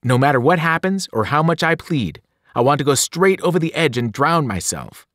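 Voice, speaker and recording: A man's voice: fairly high pitch, sing-song, normal speed, fairly bright tone, no room sound, studio quality, pitched above the performer's own voice. A man reading aloud, voicing a serious, clever teenage girl who speaks earnestly and a little grimly. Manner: earnest and grim.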